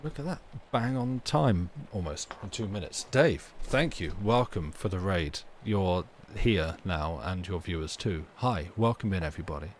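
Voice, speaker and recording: A man's voice: low voice, expressive, moderate pace, hardly any pauses, a little hiss or hum. A man hosting a live stream, chatting casually and teasing viewers in a dry, rambling way. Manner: dry, teasing banter with frequent restarts. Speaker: livestream host reading stories.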